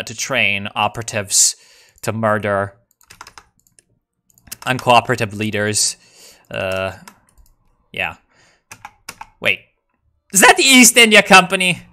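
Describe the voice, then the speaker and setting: Bright-voiced profane man narrating gameplay. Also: on the low side. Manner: profane, excitable, ironic meme slang. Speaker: strategy game player. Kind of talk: casual gameplay commentary.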